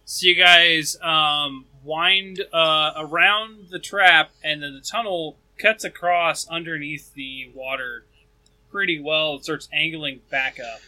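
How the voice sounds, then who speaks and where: Bright-voiced easygoing game master man. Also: fairly high pitch, steady tone, slow pace, rough recording. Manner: easygoing, hesitant with fillers. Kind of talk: narrating a tabletop game.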